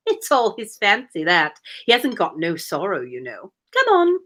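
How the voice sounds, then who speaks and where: A woman voicing a boastful male griffin creature, talking in a gruff mock-Cockney way. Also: mid-range voice, wildly swooping pitch, normal speed, fairly bright tone.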